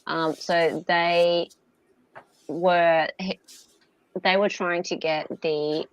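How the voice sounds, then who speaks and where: A woman's voice: lowish voice, flat delivery, extremely slow, clear, resonant tone, no echo. A woman from Australia hosting a casual live legal-commentary stream, talking with many fillers and restarts.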